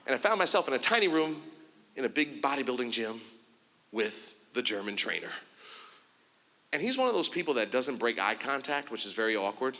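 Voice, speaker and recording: A man speaks from a conference stage, telling an animated story and slipping into the voices of the people in it. His tone is bright and forceful, and a long reverb from the big hall trails after each phrase. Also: mid-range voice. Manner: animated storytelling, acts out dialogue. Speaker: keynote speaker. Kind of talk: storytelling keynote speech.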